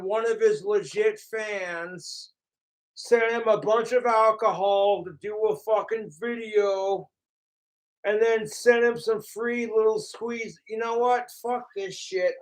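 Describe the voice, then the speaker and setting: A man streaming from home, ranting in a profane, mocking, rambling way. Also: high voice. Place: home apartment.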